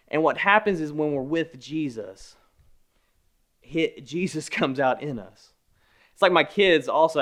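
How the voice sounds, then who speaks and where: A man in his thirties preaching a conversational sermon, with joking asides, who swings between hushed and emphatic. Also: a little high. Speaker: pastor. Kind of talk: online sermon.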